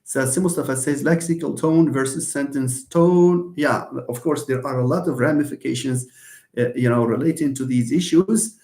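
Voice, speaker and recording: A man's voice: mid-range voice, a little mellow. A man gives a live linguistics lecture, his speech full of fillers and restarts. His voice sits in the middle range, and he draws out example words to show their sounds. The recording rings with room echo. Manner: hesitant, many fillers and repeated words; explains slowly, stretching example words. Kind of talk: live online lecture answering comments. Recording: roomy echo.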